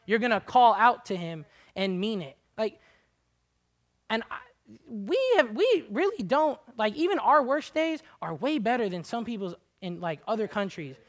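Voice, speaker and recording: A man preaching a conversational sermon, casual and chatty with many "like" fillers, swinging between quiet asides and loud, high exhortation. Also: lively intonation, moderate pace.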